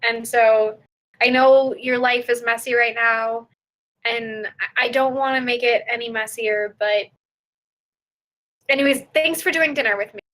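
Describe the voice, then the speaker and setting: A woman's voice: a little high, fairly even intonation, a little slow, fairly bright tone. A woman voicing Laura, a nervous young woman on an awkward dinner date, hesitant and giggly. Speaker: player voicing her character. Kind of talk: improvised tabletop role-play.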